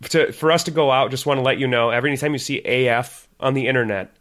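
A man's voice: mid-range voice, quick pace, fairly bright tone. A man co-hosting a podcast in casual chat, talking animatedly and laughing easily. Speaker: podcast co-host.

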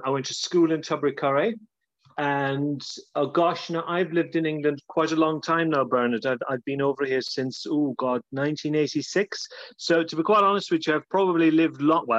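A man's voice: fairly high pitch, moderate pace, a bit bright, dry recording. A man in his fifties with an Irish accent, a social worker speaking as a podcast guest, talking hesitantly with many fillers and restarts. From Ireland. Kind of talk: casual podcast interview. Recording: dull, lo-fi, dry sound.

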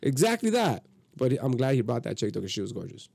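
A man hosting a podcast in casual chat, profane and animated, acting out quotes as he tells stories. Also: mid-range voice, fast talker, gravelly, slightly rough, dry recording. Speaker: podcast host.

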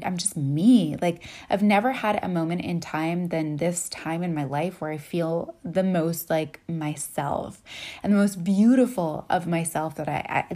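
A woman's voice: on the low side, a little mellow. A woman in her thirties giving an earnest motivational monologue, full of repeated affirmations and casual fillers.

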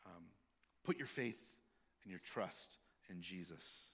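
A male pastor giving a sermon in a candid, halting way, with many fillers and restarts. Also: lowish voice, fairly bright tone.

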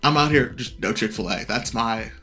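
A young man co-hosting a podcast, chatting casually and telling stories quickly, acting out what others said. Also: medium pitch, pushed and bright, soft background music. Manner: fast storytelling, acts out quoted voices. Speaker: podcast co-host. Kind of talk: casual chat.

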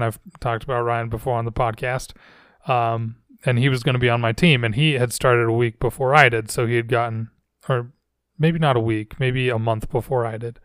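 Smooth-voiced man musing on a podcast. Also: medium pitch, no room sound, studio quality. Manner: rambling, self-reflective, frequent restarts. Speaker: podcast host. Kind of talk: casual storytelling monologue. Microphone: podcast microphone.

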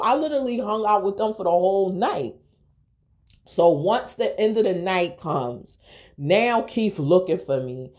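A woman's voice: medium pitch, lively intonation, normal speed, a little mellow, highs cut off. A young woman hosting a podcast, telling a personal story in a frank, profane, candid way. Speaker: podcast host.

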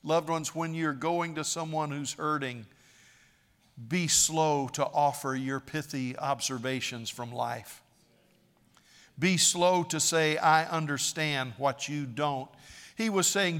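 A man's voice: fairly high pitch, unhurried, fairly bright tone. A man preaching a sermon, dramatic and emphatic, acting out quoted speakers with a raised voice. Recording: long reverb of a large hall.

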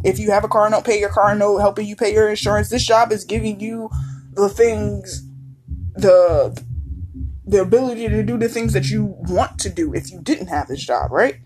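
A woman's voice: medium pitch, steady tone, moderate pace, music in the background. A woman hosting a podcast, talking casually in a blunt, swearing, emphatic way. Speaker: podcast host. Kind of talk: casual monologue.

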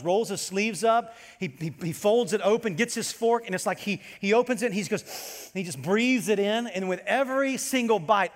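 Pastor guy preaching, highish voice, lots of stories, big echoey church. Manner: animated preaching with storytelling asides. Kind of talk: sermon.

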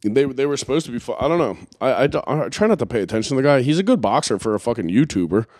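Man, podcast host, crude, rambling, profane chat, mid-pitched voice, dry close sound. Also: lively intonation, rapid-fire, darkish tone, no room sound.

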